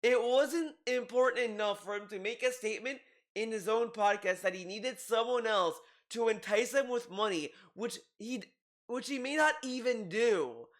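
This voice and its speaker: A man's voice: sits high, a bit bright. Rambling male commentator. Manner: rambling, many restarts and asides. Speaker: commentary youtuber. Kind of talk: casual commentary.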